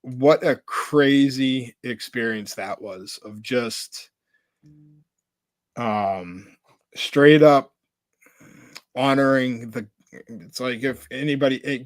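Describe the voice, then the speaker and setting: A man's voice: medium pitch, takes it slowly, pauses often, no echo. Rambling, filler-heavy podcast co-host man. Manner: rambling storyteller, many filler "like"s and restarts. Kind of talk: casual chat.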